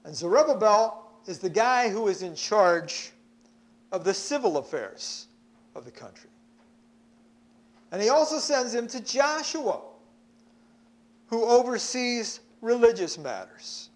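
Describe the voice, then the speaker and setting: Male preacher, sermon delivery, slow and deliberate, emphatic with repeated words. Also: high-pitched, very animated. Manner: emphatic, repeats words when stressing points.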